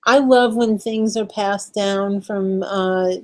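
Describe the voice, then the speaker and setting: A woman's voice: medium pitch, fairly even intonation, takes it slowly, a little mellow. A woman co-hosting a casual chat, talking loosely, laughing often and trailing off mid-sentence. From New York. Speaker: co-host.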